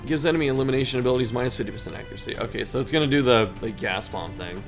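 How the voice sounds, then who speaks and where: Male game host, mid-pitched, reads story text and jokes about his own misplays over faint music. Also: racing, creaky. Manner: self-deprecating, laughs at own mistakes. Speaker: gaming video host. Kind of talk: reading game text aloud and playing commentary.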